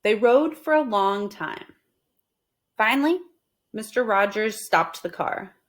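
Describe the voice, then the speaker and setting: A woman reading a children's picture book aloud in a clear, expressive, unhurried way. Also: medium pitch. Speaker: storybook reader.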